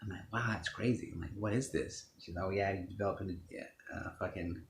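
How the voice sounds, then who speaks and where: Deep-voiced man with blunt, profane testimony. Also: steady tone, fairly quick, creaky, roomy sound, background noise. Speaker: speaker telling his life story. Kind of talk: personal testimony speech.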